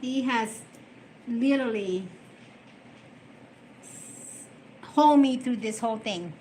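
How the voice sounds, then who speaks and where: A woman's voice: a little high, slow, mellow, slight background noise. A middle-aged woman chatting casually on a live stream, emotional and rambling as she answers viewer comments.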